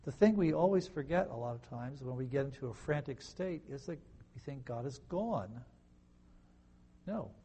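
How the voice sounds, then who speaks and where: A man giving conversational Bible teaching, firing rhetorical questions at listeners with wry, sarcastic asides and swinging between soft and loud delivery. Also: mid-range voice, lively intonation, normal speed, husky. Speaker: pastor.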